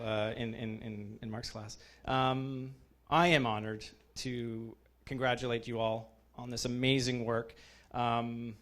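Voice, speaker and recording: This is an informal graduation speech from a man in his thirties who heads the program; he halts, uses many fillers, restarts, and is openly moved by his students. His voice is mid-range and a bit bright.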